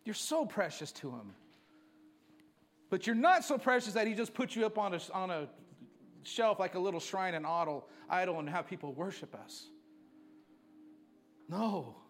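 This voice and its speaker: A man preaching a sermon to his church, moving from quiet storytelling to fervent, emphatic preaching. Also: sits high, moderate pace, pauses often. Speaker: pastor.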